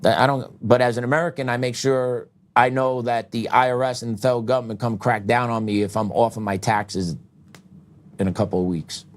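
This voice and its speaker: A man's voice: mid-range voice, fairly even intonation, fairly quick. A middle-aged man hosting a show, delivering a heated political commentary monologue with asides and short laughs. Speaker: show host.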